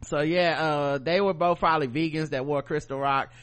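Male co-host, loose joking recap delivery, a bit higher than average. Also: normal speed, heavy background noise. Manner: laughing, animated banter. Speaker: podcast co-host. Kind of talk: casual chat recapping a TV show.

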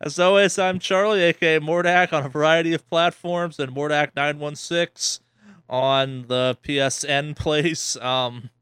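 A man's voice: a little high, steady tone, measured pace, fairly bright tone, clear, resonant tone, no echo. Joking, profane male podcast host. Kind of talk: casual podcast banter.

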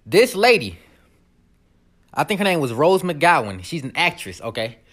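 A woman delivering a casual vlog rant, her pitch swinging widely as she gets worked up. She swears freely and laughs between points, talking straight to her viewers. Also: normal speed. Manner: animated, profane, laughs often. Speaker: vlogger.

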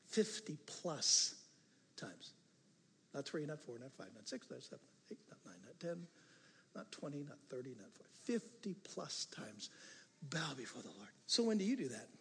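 An older man preaching a sermon as pastor, animated, moving from hushed asides to loud emphatic passages. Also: a little high, gravelly, husky. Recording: reverberant hall.

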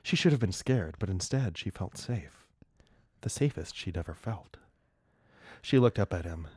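A man's voice: low voice, husky, dry recording, clean studio sound. A man co-hosting a podcast, reading an erotic short story aloud for laughs and often breaking up. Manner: slow, lively reading broken by laughing fits. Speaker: podcast co-host. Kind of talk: comic reading of erotic fiction.

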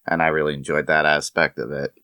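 A man co-hosting a podcast, chatting casually about a show in a halting way with many fillers. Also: rumbling low, flat delivery, sharp tone, clean tone, no room sound, studio quality. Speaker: podcast co-host. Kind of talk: casual chat reviewing a show.

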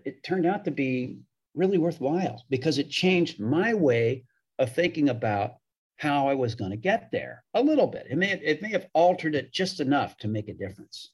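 A man's voice: medium pitch, darkish tone, breathy edge. A middle-aged man, a hockey broadcaster, telling anecdotes in a podcast interview and acting out the people he quotes. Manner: chatty anecdotal storyteller, acts out quoted voices.

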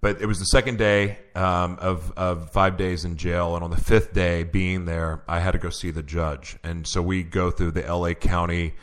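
Male guest, very low voice, earnest testimony, halting storytelling. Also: level tone. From Oklahoma. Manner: earnest storytelling, many restarts and fillers. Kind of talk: personal testimony in interview.

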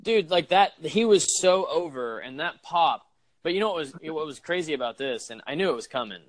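A man's voice: fairly high pitch, expressive, brisk, no room sound. Enthusiastic young man saying "dude". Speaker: podcast co-host. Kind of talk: casual chat.

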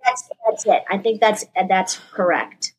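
An actress in her fifties, here as a guest, relates an emotional story while wandering off track and fixing her own words. Her medium-pitched voice is slightly rough, and she talks a little slowly.

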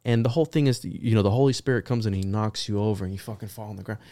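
A man chatting on a podcast, telling stories in a rambling, profane, animated way. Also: on the low side, racing, no echo. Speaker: podcast guest. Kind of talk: casual podcast chat.

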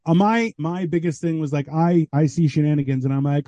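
Animated man with a dark voice. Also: on the high side, brisk, no room sound, lo-fi sound. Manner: animated storyteller, acts out quoted voices. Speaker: podcast guest, comedian. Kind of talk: casual chat.

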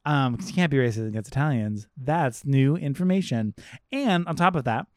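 A man's voice: mid-range voice, lively intonation, normal speed, a little mellow, no echo, studio quality. A man co-hosting a podcast, ranting sarcastically and profanely about a film in casual chat. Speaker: podcast co-host.

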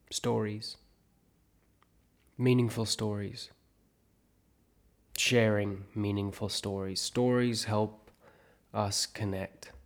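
A man's voice: fairly low pitch, vocal fry. A man from South Africa, an actor and podcast host, thinking aloud in a reflective monologue and talking himself through his own questions.

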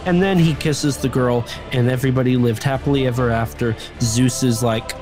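A man's voice: medium pitch, normal speed. A young man in casual comedic chat, animatedly retelling a movie plot as a podcast co-host. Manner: animated storytelling, squawking bird impressions, laughing. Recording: music playing behind.

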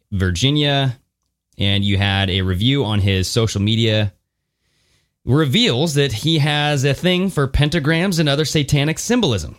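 A man hosting a podcast, reading out a news story with crude jokes in a casual chat. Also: medium pitch. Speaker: podcast host.

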